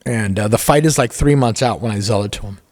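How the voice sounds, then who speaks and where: A man's voice: fairly low pitch, fast, darkish tone, no echo, clean studio sound. A man in his thirties, a podcast guest telling a story in a casual, rambling way with lots of swearing and filler words. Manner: profane, rambling, with many fillers.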